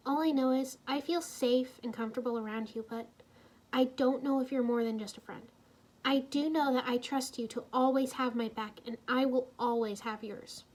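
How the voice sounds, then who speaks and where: A soft, reassuring young heroine from a fan story, read out by a woman. She speaks gently and kindly, in a voice pitched a little high. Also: steady tone, normal speed. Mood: gentle. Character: gentle, warm-hearted young woman with illusion powers.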